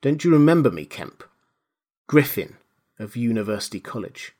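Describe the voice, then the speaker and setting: A desperate, wounded invisible man , read by a male narrator, whose voice pushes with urgency. He pleads and threatens in the same breath, louder and sharper than calm narration. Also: medium pitch, normal speed. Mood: insistent.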